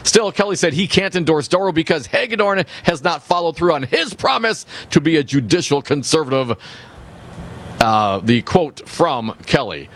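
A man's voice: on the high side, animated, moderate pace, a bit bright. Sardonic male radio co-host. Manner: sardonic, conversational, frequent "uh" fillers. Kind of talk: opinionated political radio talk.

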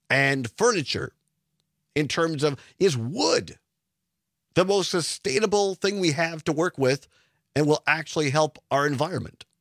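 Male radio host, brisk and friendly, higher voice, dry studio sound. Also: a bit bright, no echo. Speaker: radio talk show host. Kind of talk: talk radio hosting.

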